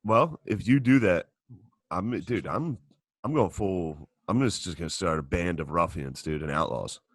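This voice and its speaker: A man with a fairly low voice, recorded dry and close with no room around him. He riffs playfully on a comic bit in easy podcast banter. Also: animated, normal speed, no echo. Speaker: podcast co-host.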